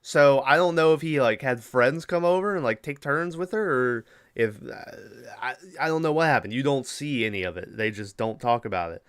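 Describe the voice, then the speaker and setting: A man's voice: medium pitch, normal speed, hardly any pauses, fairly bright tone, clear, resonant tone, dry recording, studio quality. A man hosting a podcast, casually retelling a movie plot in a rambling, profane way with lots of fillers. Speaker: podcast host.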